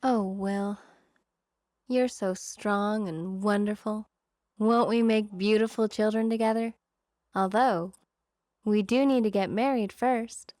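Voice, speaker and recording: A woman's voice: medium pitch, steady tone, slow, a little mellow, dry recording, clean studio sound, lightly acted. A woman voicing a breathless young romance heroine in a melodramatic, swooning manner in a storybook reading.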